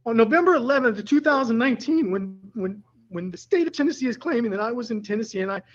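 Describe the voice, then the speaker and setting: A tearful man pleads with a judge, his voice high for a man and husky. He rambles and circles back to the same points as he represents himself. The courtroom recording sounds dull and lo-fi. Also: lively intonation, fast talker. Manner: emotional, rambling, repeats himself.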